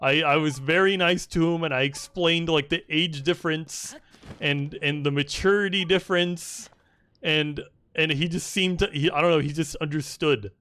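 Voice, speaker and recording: Soft music plays behind a young male gamer whose slightly high, a bit bright voice holds a steady tone at normal speed, with no room sound. He tells a rambling, casual story while playing, restarting often, using lots of filler, swearing at times, and laughing a lot at what he's saying.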